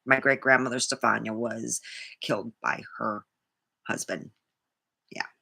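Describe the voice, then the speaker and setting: Indignant rambling woman, bright-toned. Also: rumbling low, fairly even intonation, a little slow, creaky. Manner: rambling, indignant, swears freely. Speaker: vlogger. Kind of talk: casual monologue to camera.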